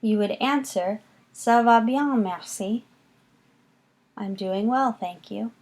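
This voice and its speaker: A woman's voice: on the high side, darkish tone. A woman teaching a beginner French lesson, patiently repeating each word for her students. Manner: patient, slow, repeats words for students to copy. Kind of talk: recorded classroom lesson.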